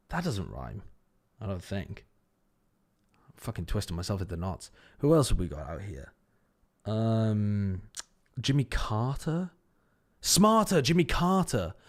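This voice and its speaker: Working a word puzzle on his laid-back livestream, the host talks himself through it in a fairly low, somewhat mellow voice. He repeats words quietly to himself and curses offhandedly.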